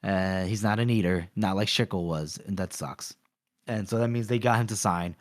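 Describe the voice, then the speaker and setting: A man's voice: low-pitched, normal speed, no room sound, studio quality. A man co-hosting a podcast, casually retelling a book chapter and acting out bits of dialogue. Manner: retells scenes, acting out lines. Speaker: podcast co-host.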